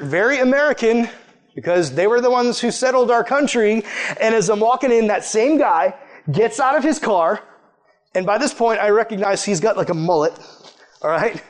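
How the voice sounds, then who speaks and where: A male preacher with a fairly high voice tells a personal story in a sermon. His delivery is casual and chatty, full of fillers, with animated retellings.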